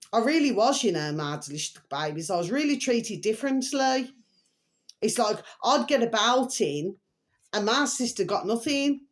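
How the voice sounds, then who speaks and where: An older woman, telling a rambling, emotional family story to her camera and repeating fond pet phrases. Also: a little high. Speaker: vlogger.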